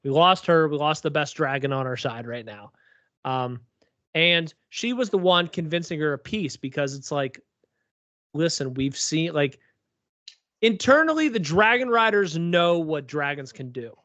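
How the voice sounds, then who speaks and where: Male podcast co-host, higher register, loose rambling delivery, close dry mic, muffled recording. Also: animated, a little slow, fairly bright tone, no echo. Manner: rambling, lots of "like" and "um". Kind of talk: casual TV recap chat. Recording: dull lo-fi recording.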